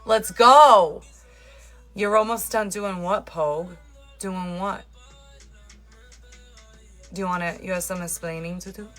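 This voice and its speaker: A woman's voice: lowish voice, steady tone, a little slow, pauses often, fairly bright tone, faint music behind. A talkative woman hosts a livestream from her phone. She chats casually with viewers, teases them playfully and answers their comments as they arrive. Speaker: livestream host.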